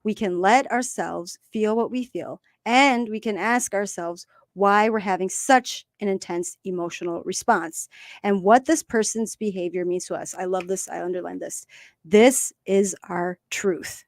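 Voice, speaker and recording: A woman's voice: medium pitch, measured pace, dry recording, clean studio sound. Emotionally open woman sharing recovery stories. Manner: open, emotional, animated storytelling. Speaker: podcast co-host. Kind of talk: casual recovery discussion.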